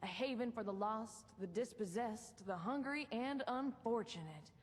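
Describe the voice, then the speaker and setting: A woman's voice: on the high side, unhurried, long reverb tail, a little hiss or hum, natural voice. An actress voicing a friendly Southern woman who runs a refuge, speaking with a Southern American accent in a folksy, persuasive way. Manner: folksy, warm-spirited persuasion. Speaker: game character.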